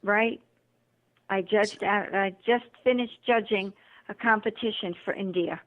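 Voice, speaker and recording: Animated woman over a tinny phone line. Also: mid-range voice, unhurried. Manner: animated, acts out quoted dialogue. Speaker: guest author and motivational speaker. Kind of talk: interview storytelling.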